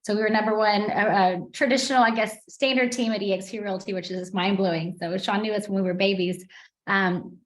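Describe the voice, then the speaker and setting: A woman's voice: medium pitch, fairly even intonation, brisk, roomy sound. A woman who leads a real estate team tells her story as a guest on a video call, chatty and upbeat.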